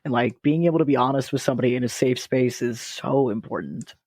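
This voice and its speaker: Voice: medium pitch, quick pace, darkish tone, no room sound. A co-host of a casual podcast, chatty and giggly while asking the questions.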